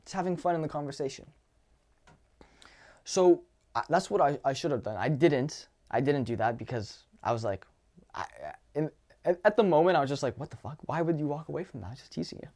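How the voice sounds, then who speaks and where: Animated young man giving dating advice. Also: a little high, fairly quick. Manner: animated, swearing, acts out his own lines. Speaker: dating coach. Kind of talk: casual advice monologue.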